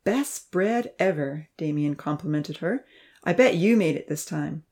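Soft-spoken woman reading a story. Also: sits low, expressive, a little slow. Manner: soft-spoken, dropping to hushed whispers for asides. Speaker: audiobook narrator. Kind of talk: scripted narration with character dialogue.

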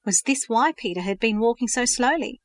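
A woman narrating a storybook with a steady, even reading. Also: a little high, normal speed, dry recording, clean studio sound.

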